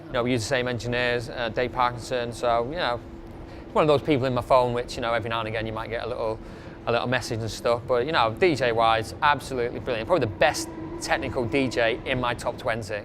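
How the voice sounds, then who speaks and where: A man's voice: mid-range voice, fairly even intonation, fast talker, a bit bright, slight background noise. A man counting down his favourite club DJs in a casual, rambling way, with many fillers and restarts.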